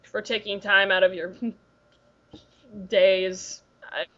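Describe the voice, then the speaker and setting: A woman's voice: medium pitch, level tone, extremely slow, fairly bright tone. A woman hosting a podcast in casual chat, talking freely and laughing often. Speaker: podcast host. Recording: dull lo-fi recording.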